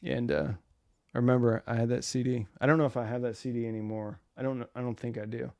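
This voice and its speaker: A man's voice: medium pitch, level tone, fast, creaky, mellow, no echo. Casual male live-stream host, forties, rambling chat, dry close sound. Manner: rambling, reads viewer comments aloud.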